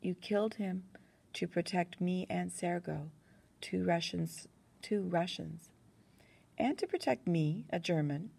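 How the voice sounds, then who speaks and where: A bitter young German soldier and medical orderly, read by a woman narrator, terse and clipped, holding back anger behind short answers. The voice is low, with a gravelly edge that stays in every line. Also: unhurried, dark tone, exaggerated voice. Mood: weary.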